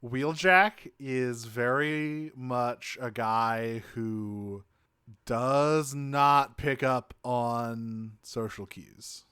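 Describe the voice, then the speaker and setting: A man's voice: medium pitch, drawn-out words, clear, resonant tone, no echo, clean studio sound. Laughing man recapping a cartoon. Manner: laughing, animated retelling with quoted voices. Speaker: podcast co-host. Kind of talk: casual chat recapping a cartoon.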